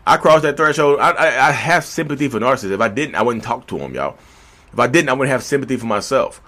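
A man's voice: mid-range voice, expressive, quick pace, a bit bright. A man talking casually and animatedly to his viewers at a standing desk, a little out of breath, repeating himself and calling them y'all. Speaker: vlogger. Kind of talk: casual talk to camera.

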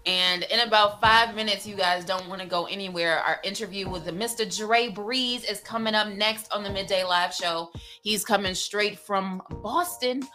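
A woman's voice: medium pitch, normal speed, few pauses, bright, forceful tone. A woman co-hosting a studio talk show, teasing and laughing through casual banter. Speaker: co-host. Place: radio-style studio.

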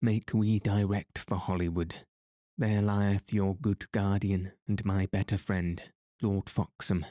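A man's voice: deep voice, flat delivery, slow pace, mellow, no room sound, clean studio sound. A man reading the part of an ardent young knight in a storybook, speaking in earnest, old-fashioned courtly words. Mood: tender. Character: ardent young male knight, humbled but joyful. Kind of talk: audiobook reading.

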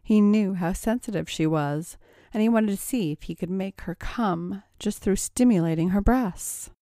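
A woman narrating an erotic audio story in a slow, sultry reading. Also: mid-range voice, mellow, dry recording, studio quality.

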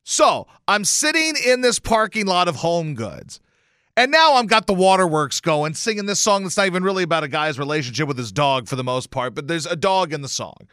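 A male radio host telling a casual story with lots of swearing and sudden loud exclamations. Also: fairly high pitch, a little fast, clean tone, dry recording, clean studio sound. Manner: animated, profane, bursts into loud exclamations. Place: radio station studio.

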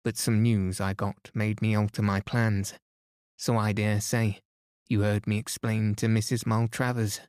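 A man's voice: fairly low pitch, flat delivery, measured pace, darkish tone, no room sound, studio quality, lightly acted. A man voicing a plainspoken young soldier in an audiobook, a little uneasy. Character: young male soldier back from Africa.

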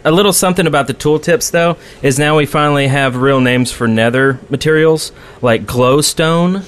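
A man co-hosting a casual gaming podcast, chatty and quick to laugh, humming to himself as he reads through a list. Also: a little high, clean tone. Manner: chatty, laughs often, hums while reading a list. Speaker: podcast co-host. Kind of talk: casual chat.

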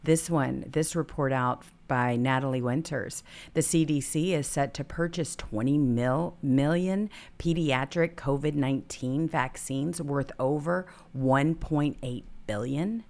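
A woman's voice: very deep voice, a little slow, hardly any pauses, darkish tone. A woman hosting a talk show, agreeing emphatically with her co-host. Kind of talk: casual talk-show banter.

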